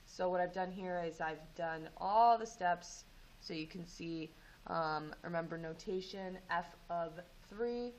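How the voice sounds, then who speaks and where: A woman teaching math, going over homework and walking students through steps in a relaxed way with frequent ums. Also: fairly low pitch, a little slow, slight background noise, rough recording. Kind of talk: homework review and lesson.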